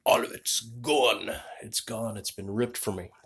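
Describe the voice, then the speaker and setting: A low-pitched man spins a long travel tale, jumping between tangents and swearing freely. He talks casually to the camera and keeps circling back to his point. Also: fairly even intonation, measured pace, gravelly, fairly bright tone, breathy edge. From United States. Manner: digressive, profane, loses his train of thought. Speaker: vlogger. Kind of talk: rambling travel story.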